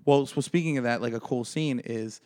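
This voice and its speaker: A man's voice: mid-range voice, fairly quick, darkish tone. A man co-hosting a podcast in casual, self-deprecating chat. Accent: New York. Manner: laid-back, self-deprecating banter. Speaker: podcast co-host.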